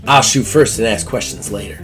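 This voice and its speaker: A man voicing a stern, suspicious woman security guard who speaks flatly and curtly in a tabletop game. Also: fairly low pitch, fairly quick, soft background music, pitched below the performer's own voice, natural voice. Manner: flat, suspicious, curt.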